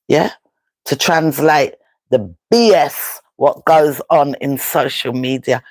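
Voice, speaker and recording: Jamaican woman vlogger, slow and emphatic, patois chat, dry close sound. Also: low voice, darkish tone, no room sound. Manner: talks in patois, emphatic and rhetorical. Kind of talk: casual live-stream chat.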